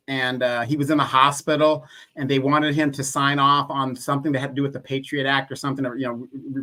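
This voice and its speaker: A man joining a live stream as a guest, telling stories in a relaxed, casual way. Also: mid-range voice. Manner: relaxed, storytelling, a few restarts. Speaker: co-host guest. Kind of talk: casual conversation.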